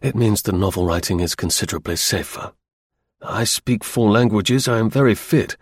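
Man reading a curt formal spymaster, low husky voice, dry. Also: normal speed, no echo. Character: cool, stern older male intelligence chief.

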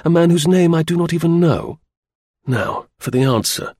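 A man reading the part of a blunt, restless young gentleman, in a clipped upper-class manner. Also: fairly high pitch, moderate pace, dry recording, studio quality, voice pushed up, close to an everyday voice.

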